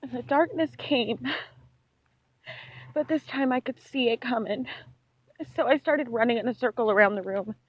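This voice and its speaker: Husky woman rambling through a dream story. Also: on the high side, normal speed, long pauses. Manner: rambling, animated storytelling full of "like". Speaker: vlogger. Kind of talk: walk-and-talk dream retelling. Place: outdoors on a street while walking. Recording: dull lo-fi recording.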